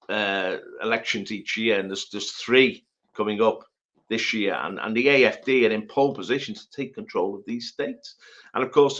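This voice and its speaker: A man speaks with rousing emphasis, piling up rhetorical questions and repeated phrases. His voice sits at a middling pitch. The sound is dull and lo-fi, like audio from a video call on a stream. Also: fairly bright tone. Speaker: panelist on a political live stream. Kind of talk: impassioned live-stream panel talk.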